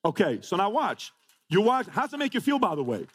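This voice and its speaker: A man's voice: sits high, huge pitch swings, fairly quick, a bit bright, breathy edge. A man giving a motivational talk, emphatic, repeating phrases and firing rhetorical questions. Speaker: motivational speaker. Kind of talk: motivational talk to a live audience.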